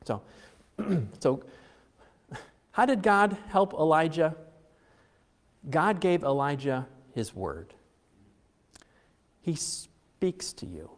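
Middle-aged man, pastor, lively chatty sermon, joking asides, long hall reverb. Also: a little high. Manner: chatty, joking asides, many fillers and restarts. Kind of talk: conversational sermon.

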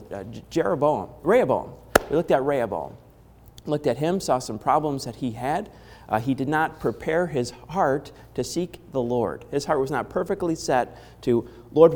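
Hoarse man preaching in a reverberant hall. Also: a little high, darkish tone. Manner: conversational, asks the congregation questions. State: hoarse from a head cold. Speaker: pastor. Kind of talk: sermon.

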